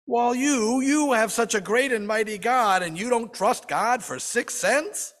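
A man's voice: very high-pitched, measured pace, fairly bright tone, pitched above the performer's own voice. A man voicing a pious rabbi disguised as a peasant, speaking with kindly, patient reassurance. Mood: gently chiding. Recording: long hall reverb.

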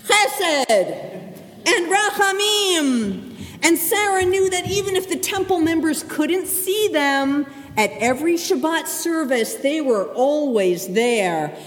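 A woman narrating a children's story at a service in an expressive, animated way. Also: high voice. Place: synagogue sanctuary. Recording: echoey hall.

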